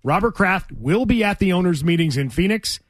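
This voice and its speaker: A man's voice: sits high, animated, a little fast, dry recording. A man hosting a talk radio show, steering the segment in a dry, needling, precise way. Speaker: radio host.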